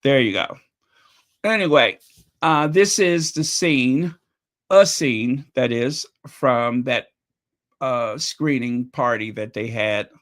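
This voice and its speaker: A man's voice: mid-range voice, slow pace. A man hosting a channel, giving casual reaction commentary in a chatty, openly emotional way, often repeating himself, his voice a little strained. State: voice getting strained. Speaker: channel host reacting to video clips.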